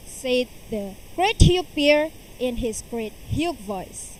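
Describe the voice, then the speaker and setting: A woman's voice: high-pitched, slight background noise, low-quality recording. A young woman, performing a fairy tale as a storytelling contestant at a school competition. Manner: slow, expressive storyteller's delivery.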